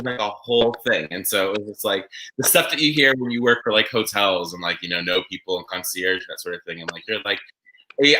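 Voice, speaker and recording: A man hosting a casual chat podcast, telling stories in a rambling, animated way. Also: medium pitch, background noise. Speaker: podcast host.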